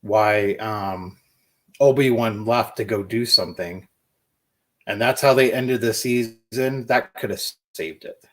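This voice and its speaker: A man's voice: lowish voice, slow pace. A man giving blunt, opinionated takes in a casual chat as a co-host.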